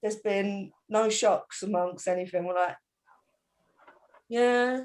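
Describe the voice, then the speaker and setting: A middle-aged woman from Britain, chatting in a group and telling family stories in an animated way, laughing often. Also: mid-range voice, normal speed. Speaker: panel host. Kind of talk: casual group chat.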